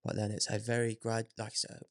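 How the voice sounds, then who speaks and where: A man in a casual podcast chat, calmly explaining his view. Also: lowish voice, brisk, no room sound, studio quality. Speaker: podcast co-host.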